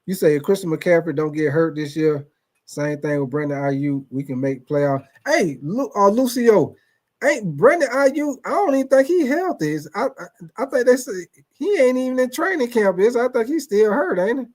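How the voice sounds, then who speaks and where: A man hosts a casual sports live stream, his voice sitting a bit high for a man. He rambles through profane stories and calls out his viewers by name as he goes. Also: animated, moderate pace, darkish tone. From Atlanta, USA. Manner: profane, loose storytelling, addresses viewers by name. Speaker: sports livestream host.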